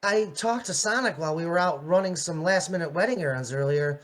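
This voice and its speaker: A bashful young man who talks softly and earnestly, as a woman puts him on. The voice sits somewhat low. It is an amateur fan audio drama. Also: brisk, lightly acted. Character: Chris, young man, shy and affectionate.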